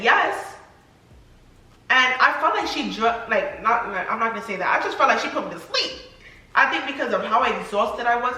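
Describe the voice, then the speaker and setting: A young woman with a bright, fairly high voice talks her way through a storytime in a chatty, filler-heavy manner that turns emotional. The recording is very echoey, with the mic some distance away. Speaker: vlogger, new mother. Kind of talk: storytime chat.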